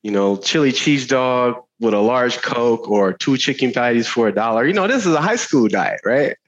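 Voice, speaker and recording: A man talking candidly about his life as a guest, animated, laughing often, with lots of fillers and restarts. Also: mid-range voice, moderate pace, highs cut off. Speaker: guest speaker. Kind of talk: candid conversational storytelling.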